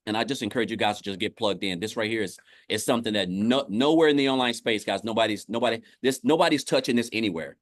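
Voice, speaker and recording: A man's voice: lowish voice, fast talker, few pauses, no room sound, studio quality. Upbeat man on a livestream. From Tennessee, US. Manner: upbeat, keeps saying "guys", restarts phrases. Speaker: guest on an online business livestream. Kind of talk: casual testimonial chat.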